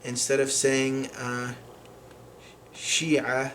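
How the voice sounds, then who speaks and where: A man teaching a lesson on pronunciation, explaining patiently with frequent pauses and fillers. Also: mid-range voice, little pitch movement, slight background noise. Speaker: language teacher.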